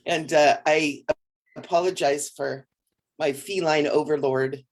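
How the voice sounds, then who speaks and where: A woman with a low-pitched voice co-hosts a spiritual livestream from home. She talks in a relaxed, rambling, playful way and sounds a little tired. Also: unhurried, slight background noise. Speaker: co-host. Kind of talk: casual spiritual chat on a livestream.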